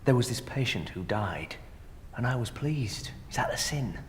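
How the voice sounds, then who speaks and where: A man's voice: medium pitch, expressive, normal speed, slight background noise. Flustered anxious young man. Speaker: junior doctor. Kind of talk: sitcom acting.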